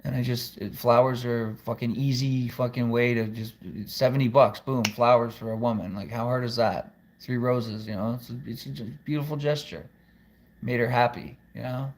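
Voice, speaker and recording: A man's voice: mid-range voice, steady tone, moderate pace, a little hiss or hum. A man talking to camera at home in a rambling, profane monologue with many restarts. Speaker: vlogger.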